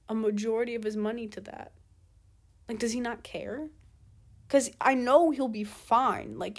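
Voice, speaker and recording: A teenage girl with a somewhat high voice, ranting in a casual solo monologue. She sounds exasperated and fires off rhetorical questions with plenty of swearing. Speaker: podcast host.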